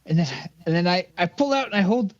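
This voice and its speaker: A man's voice: sits high, animated, quick pace, dry recording. A man playing a tabletop game, talking hesitantly, stumbling over his words and swearing often. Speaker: player. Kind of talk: casual tabletop play. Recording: dry, dull lo-fi mic.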